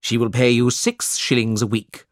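A man's voice: medium pitch, little pitch movement, moderate pace, no room sound, clean studio sound, close to an everyday voice. A man doing a curt, cold older uncle.

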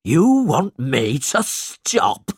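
A man's voice: fairly low pitch, big pitch swings, slow, fairly bright tone, slightly rough, no echo, clean studio sound, full character voice. A man voicing a cruel, bullying middle-aged schoolmaster who barks threats in a storybook reading. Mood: angry threatening. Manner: barking, menacing.

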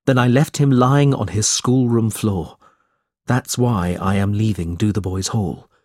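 A man voicing an earnest, kind young man who speaks gently, in a storybook reading. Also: lowish voice, measured pace, no echo.

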